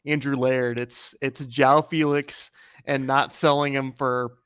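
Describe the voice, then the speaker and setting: A male co-host in relaxed podcast banter, joking around at a middle pitch. His voice is recorded dry and close with no room sound. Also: slow pace, smooth, dry recording. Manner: joking, laid-back banter. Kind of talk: casual podcast chat.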